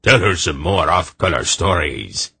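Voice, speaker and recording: Guy playing a rough blunt trader, low husky voice, audiobook read. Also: sing-song, a little slow, bright, forceful tone, no echo, heavily acted. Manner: gruff, plain-spoken. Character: coarse male merchant, blunt and rough.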